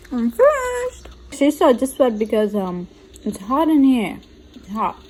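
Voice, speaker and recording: A woman's voice: a little high, expressive, unhurried, warm tone, slight background noise, low-quality recording. A woman, a dietitian chatting casually in a vlog from her home kitchen, bubbly and giggly. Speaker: dietitian vlogger.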